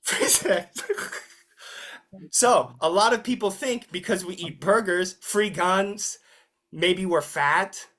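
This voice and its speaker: An American English teacher runs an interactive online class, joking with the students and quizzing them in a lively, teasing way. Her mid-range voice moves slowly, with long pauses between thoughts.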